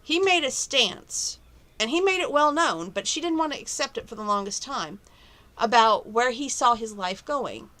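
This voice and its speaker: A woman's voice: a little high, lively intonation, moderate pace, pushed and bright. A woman chatting to camera from her bedroom at home, rambling and opinionated about relationships and her plans. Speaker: vlogger. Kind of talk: casual chat to camera.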